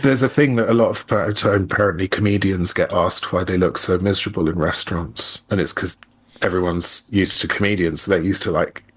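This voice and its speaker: A man's voice: deep voice, a little fast, a bit bright, breathy edge. A man speaking as an interview guest in a candid, reflective conversation with a wry edge. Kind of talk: casual conversation.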